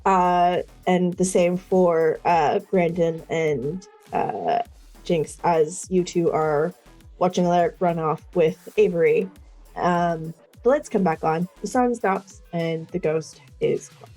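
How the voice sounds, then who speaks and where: A woman running a tabletop game as game master, narrating scenes with frequent ums and pauses. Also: lowish voice, dark tone, faint music behind. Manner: hesitant, many ums.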